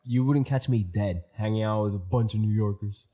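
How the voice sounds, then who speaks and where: A man's voice: fairly low pitch, normal speed, mellow. A young man from Miami with a Miami accent, co-hosting a podcast with blunt, laughing, swearing casual talk. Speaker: podcast co-host. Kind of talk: casual chat.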